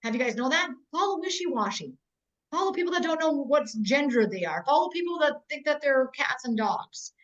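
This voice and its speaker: Her high-pitched voice has lively intonation and a fairly quick pace as she gives tough-love business training. She's a woman in her forties and a network marketing trainer, blunt and emphatic over a video call with dull, muffled audio.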